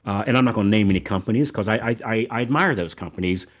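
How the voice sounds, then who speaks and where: Older man, from the American South, somewhat low voice, podcast host, rambling folksy chat. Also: fast. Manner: rambling, repeats words, folksy. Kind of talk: casual chat.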